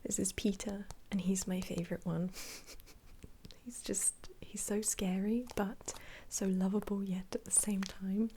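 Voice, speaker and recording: A young woman, an ASMR creator, whispering casually about her favourite films, giggling often and pausing on ums. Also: mid-range voice, level tone, dark tone, slight background noise. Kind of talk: whispered ASMR film chat.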